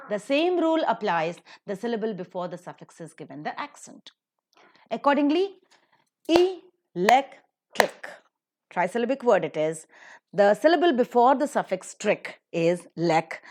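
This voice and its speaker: Indian english lady going over word stress rules, says each example slowly twice, voice goes up and down a lot. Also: fairly high pitch, a little mellow. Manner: explains rules step by step, repeating example words slowly. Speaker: English pronunciation teacher. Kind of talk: recorded slide lecture.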